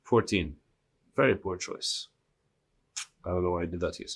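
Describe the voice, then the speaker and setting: A man's voice: low voice, moderate pace, husky. A man hosting a casual solo podcast, talking bluntly with profane jokes. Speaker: podcast host.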